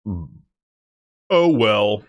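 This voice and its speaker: Lively, joking man streaming a game. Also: fairly low pitch, very slow, no room sound. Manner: rambling, jokey and profane. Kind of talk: casual gameplay commentary.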